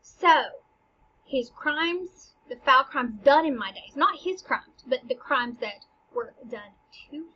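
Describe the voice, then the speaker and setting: A woman giving a casual lesson that explains a play, animated and jokey, with playful asides. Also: high voice, slow, lo-fi sound, slight background noise.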